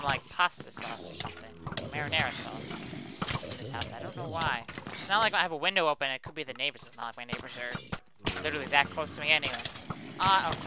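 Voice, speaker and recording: A man's voice: a little high, background noise. A young man giving casual let's play commentary, exclaiming and muttering at the enemies he fights. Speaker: gaming video host.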